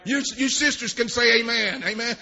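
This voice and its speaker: A male preacher with a strikingly high, piercing voice delivers a sermon. He punctuates his phrases with "amen" and swings between low asides and shouting. The recording sounds dull and lo-fi. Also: fairly even intonation, normal speed.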